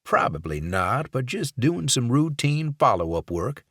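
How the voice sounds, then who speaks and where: A man's voice: medium pitch, big pitch swings, a little slow, a bit bright, slightly rough, no echo, clean studio sound, voice pushed up, heavily acted. A man as a chatty small-town male investigator. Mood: chatty probing. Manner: chatty, probing, easygoing.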